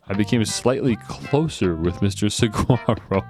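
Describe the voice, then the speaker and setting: Man, casual gameplay commentary, joking and chatty, animated pitch, faint background music. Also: moderate pace. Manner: joking, chatty, laughs a lot. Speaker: let's play gamer.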